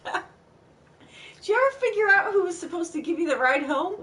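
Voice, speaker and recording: A woman in a casual chat who teases and throws in quick jokes and reactions. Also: very high voice, animated, a bit bright, far from the mic. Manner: teasing, quick joking reactions.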